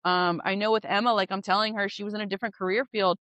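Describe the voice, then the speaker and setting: A woman's voice: mid-range voice, fairly even intonation, fast talker, fairly bright tone, dry recording. A woman real estate agent chatting as an interview guest, candid and driven, laughing easily as she talks. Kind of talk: casual interview chat.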